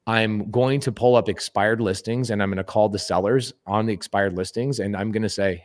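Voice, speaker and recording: A man with a fairly low voice talks casually as a podcast guest. He is emphatic and animated and drives his points home by repeating words. He slips into little acted-out bits of dialogue as he goes. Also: fairly quick, few pauses. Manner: emphatic, animated storyteller who acts out quoted speech.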